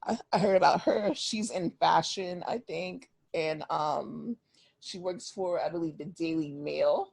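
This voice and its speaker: A woman's voice: fairly low pitch, unhurried, creaky, a little mellow, breathy edge, no room sound. A young woman co-hosting a podcast, gossiping in a casual chat and laughing often. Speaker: podcast co-host.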